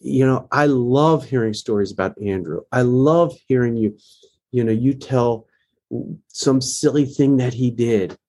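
A man's voice: medium pitch, a little slow, darkish tone. A middle-aged man, a bereaved father, speaking earnestly and emotionally as a podcast guest. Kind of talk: podcast interview.

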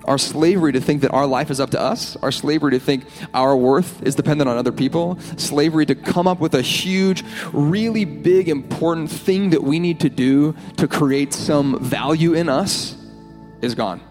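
A man's voice: on the high side, moderate pace, darkish tone. Man, sermon delivery, earnest and playful, long reverb, faint music behind. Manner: earnest preaching with playful asides. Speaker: pastor. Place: church hall with band.

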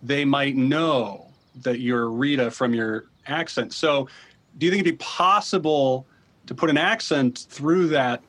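A man's voice: medium pitch, a little slow, fairly bright tone. A man voicing a cheerful, friendly radio host on a boat, talking with frequent restarts, in an improvised audio comedy. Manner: friendly, hesitant, lots of restarts.

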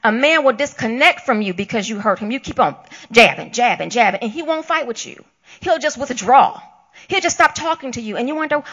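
A woman's voice: high voice, expressive, moderate pace, fairly bright tone, muffled recording. A woman co-hosting a Christian talk show, preaching emphatically and acting out the voices she quotes.

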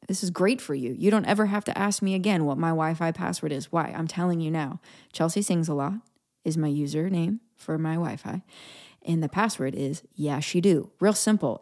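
Low-voiced woman chatting playfully. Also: darkish tone. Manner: playful, laughs often, drops into whispers for asides. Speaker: podcast host. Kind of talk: casual solo podcast chat.

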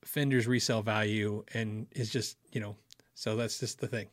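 A man's voice: on the low side, steady tone, moderate pace, no echo, clean studio sound. A middle-aged man hosting a casual livestream, rambling through a story with self-corrections and chuckles, then answering chat. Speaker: livestream host reading chat.

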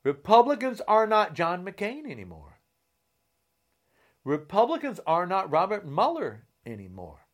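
A man delivering a heated, insulting rant straight to camera, swinging between shouting and a low, menacing growl. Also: wildly swooping pitch, a little slow. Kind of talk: angry political rant to camera.

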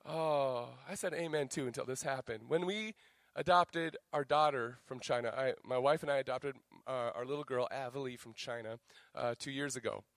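A man preaching a sermon as pastor, energetic and joking, dropping to a quiet tone for personal stories. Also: medium pitch, normal speed, vocal fry, no room sound.

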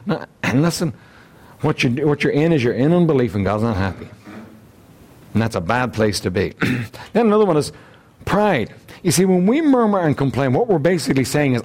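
Lively, emphatic preacher. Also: male voice, medium pitch, moderate pace, long pauses. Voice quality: frequent throat clearing. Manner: emphatic, repetitive, rhetorical questions. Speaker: pastor. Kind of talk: sermon.

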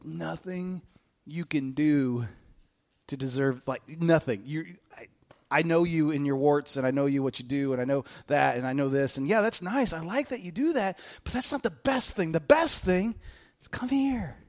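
A man voicing a soft, patient gentle teacher. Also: very high voice, sing-song, very slow, long pauses, voice pushed up, heavily acted. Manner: soft, lighter, reassuring. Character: gentle, patient male teacher, calm and kind.

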